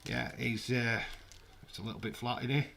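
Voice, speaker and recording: A man giving jokey, casual commentary on a live watch-along stream from his flat. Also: mid-range voice, moderate pace, creaky, slight background noise. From United Kingdom. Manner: jokey, banters with chat. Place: home, in a flat.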